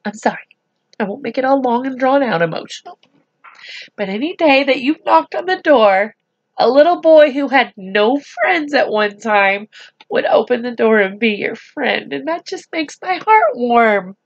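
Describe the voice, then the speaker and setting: A woman reading a storybook aloud to children, speaking slowly and gently and adding chatty asides to them. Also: on the high side, expressive, highs cut off.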